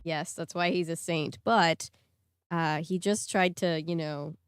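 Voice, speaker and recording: A woman's voice: sits low, fairly even intonation, a little slow, clean tone, no echo, studio quality. A woman hosting a livestream, chatting casually and joking with her guest. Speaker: stream host.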